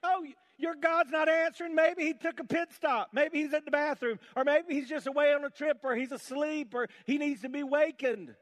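A man's voice: very high voice, steady tone, normal speed, hardly any pauses, no echo, voice pushed up. A male preacher voicing a mocking male prophet who taunts his rivals in a scoffing, sing-song way.

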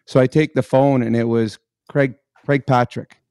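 A man who used to play pro hockey, co-hosting a radio show and calmly recounting a hard day from his career. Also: medium pitch, normal speed, clean tone, no room sound, clean studio sound. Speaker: co-host, former hockey player. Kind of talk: casual storytelling.

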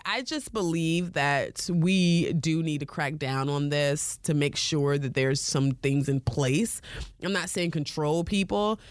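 A woman's voice: low-pitched, dry recording, studio quality. A woman hosting a podcast, talking casually and chattily, often laughing and using fillers. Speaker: podcast host. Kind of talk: casual solo talk.

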